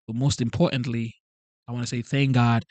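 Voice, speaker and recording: An immigrant whose first language isn't English hosts a casual livestream, reading the live chat. He speaks earnestly and pleadingly, repeating himself, in a mid-range, darkish voice that is level and fairly quick, recorded dry.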